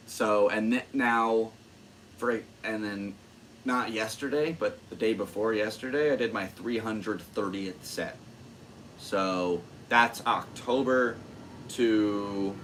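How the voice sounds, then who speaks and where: A man's voice: on the low side, lively intonation, slow pace, long pauses, fairly bright tone, a little hiss or hum. Rambling, self-amused young man. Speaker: podcast host, stand-up comedian. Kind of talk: casual solo chat.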